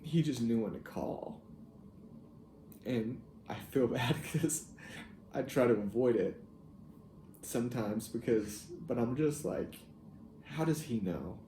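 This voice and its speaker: A young man telling a personal family story in a halting, reflective way, with soft laughs. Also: medium pitch, slight background noise. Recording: echoey room with faint ambience.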